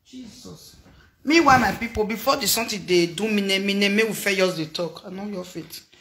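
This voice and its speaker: A social media commentator with a Nigerian accent reacts to online gossip in a loose, exclamatory way, repeating phrases, calling out to viewers, and mixing Pidgin and Yoruba. Her mid-range voice is bright, forceful, and a little fast. It bounces around a roomy, echoey space in this casual reaction commentary.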